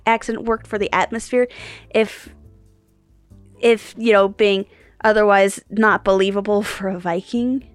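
A woman co-hosting a podcast in casual chat, thinking aloud in a halting way and often rephrasing herself. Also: medium pitch, fairly even intonation, dry recording, faint music behind. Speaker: podcast co-host.

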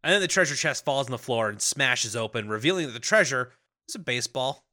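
A man co-hosting a podcast, recapping a film in casual chat and acting out characters in quick impressions. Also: mid-range voice, expressive, pushed and bright.

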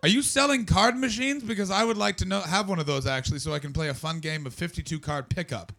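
A man doing a gruff deadpan old farmer. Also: sits high, fast, voice pushed up.

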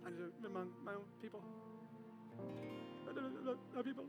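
A man playing a hesitant woman who mutters her words almost inaudibly, halting and low, in a reverberant hall. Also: lively intonation, highs cut off, over loud music. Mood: muttering. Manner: muttering, barely audible, halting.

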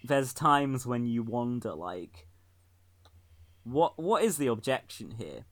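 A man's voice: mid-range voice, expressive, takes it slowly, fairly bright tone. Wry, rambling man. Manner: wry, rambling, laughs through his own jokes. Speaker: podcast co-host. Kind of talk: casual political chat.

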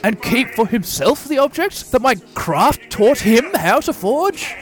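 A man's voice: extremely high pitch, very animated, measured pace, soft background music, pitched above the performer's own voice, heavily acted. A man voicing a gloating, tyrannical male gnome overlord with a sneering, bullying delivery.

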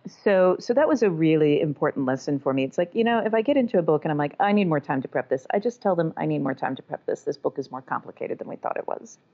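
A woman from the American South talks frankly about narrating audiobooks, with a chatty, self-deprecating manner. Her voice sits low and comes through a dull, muffled recording. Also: expressive, fast, few pauses. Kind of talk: casual interview conversation. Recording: dull lo-fi sound.

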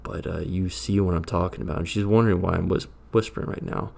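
A man's voice: low-pitched, fairly even intonation, quick pace, creaky, darkish tone. A man improvising a comic monologue as a jittery tavern keeper, rambling and often dropping to a nervous whisper. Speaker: storyteller playing a tavern keeper.

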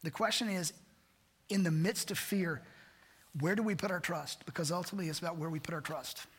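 A man's voice: fairly high pitch, a little fast, husky. A man pastor preaching a sermon, earnest and repetitive, asking rhetorical questions. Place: church sanctuary. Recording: church hall reverb.

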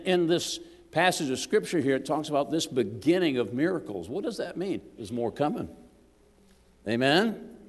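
Man preaching a lively sermon in a hall. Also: on the high side. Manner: lively, jokes with the congregation, calls for amens. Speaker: guest preacher. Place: church sanctuary. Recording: long hall reverb.

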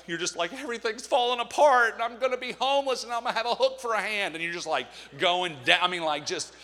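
A man's voice: fairly high pitch, bright, forceful tone. A middle-aged man preaching a candid, conversational sermon with jokes along the way. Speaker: pastor.

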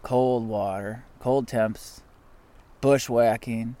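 A man co-hosting a trip podcast outdoors, telling stories excitably and laughing often. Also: mid-range voice, drawn-out words, dry recording. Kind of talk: casual chat on a canoe trip.

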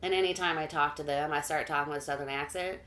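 Lowish chatty young woman, roomy sound. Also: fairly even intonation, fast, a bit bright. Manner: chatty storytelling, many filler words. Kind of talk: casual chat. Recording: echoey room.

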